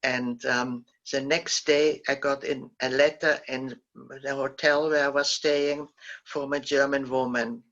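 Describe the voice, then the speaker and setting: An older woman, a Holocaust survivor, gently recounting her memories as a guest speaker, pausing and restarting often. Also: a bass voice, flat delivery, muffled recording. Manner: halting, gentle storytelling with frequent restarts. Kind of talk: recounting personal memories in a talk.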